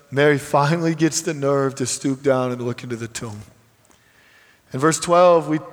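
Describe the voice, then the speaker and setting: Guy preaching, earnest, goes quiet then builds up loud, slightly high voice, big echoey hall. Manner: earnest, swings from hushed to emphatic. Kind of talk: sermon. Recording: long hall reverb.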